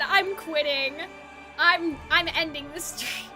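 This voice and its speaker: A woman streaming a game, reacting in excitable, laughing commentary. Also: high voice, takes it slowly, faint music behind.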